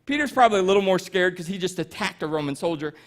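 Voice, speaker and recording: A male pastor preaching with a high, light voice for a man. He retells a Bible story casually, drops in self-deprecating asides, and keeps a relaxed, chatty delivery. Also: fast talker. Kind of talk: sermon.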